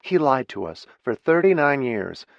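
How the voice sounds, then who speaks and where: A man's voice: mid-range voice, sing-song, moderate pace, vocal fry, no echo, muffled recording, voice pushed up. A male narrator voicing an outspoken grown daughter who speaks bitterly and bluntly. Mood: indignant.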